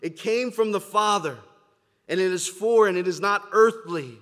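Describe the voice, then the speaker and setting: A man with a fairly high voice preaches to a congregation. He moves between soft, reflective passages and loud, emphatic declarations. His words ring out with a long reverb through a large hall. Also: normal speed. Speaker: pastor. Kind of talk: sermon. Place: church sanctuary, standing before a congregation.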